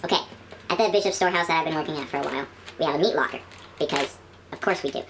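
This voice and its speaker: A woman with a somewhat low voice tells animated stories in a casual studio chat, often dropping to quiet, mumbled asides. She is recorded close on a studio microphone, a faint hiss underneath. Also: rapid-fire.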